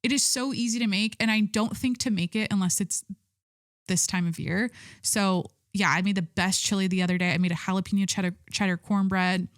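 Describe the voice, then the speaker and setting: A woman's voice: medium pitch, fairly even intonation, fairly quick, dry recording, studio quality. Chatty, foul-mouthed woman podcast host. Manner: chatty, swears freely, rambling with fillers. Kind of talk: casual solo podcast chat.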